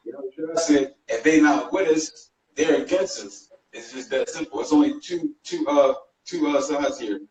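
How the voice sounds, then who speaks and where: A man's voice: medium pitch, darkish tone. A man reading scripture aloud and explaining it bluntly. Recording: echoey, distant mic.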